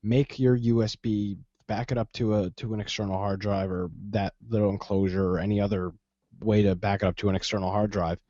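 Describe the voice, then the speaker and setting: A man's voice: fairly low pitch, steady tone, brisk, mellow, no room sound. A man co-hosting a tech talk show, giving advice insistently in casual speech. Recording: dull lo-fi broadcast sound.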